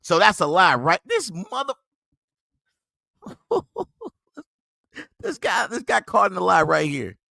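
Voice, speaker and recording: High, lively, mocking podcast host man. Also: slow, gravelly, long pauses, dry recording. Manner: mocking, scolding, laughs at the other man. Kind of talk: heated commentary on a played clip.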